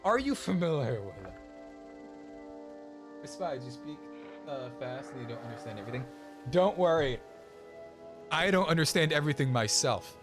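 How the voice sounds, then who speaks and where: A young man streaming a game and chatting casually, rambling with many restarts and quick laughs. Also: medium pitch, lively intonation, music in the background. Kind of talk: casual chat while gaming.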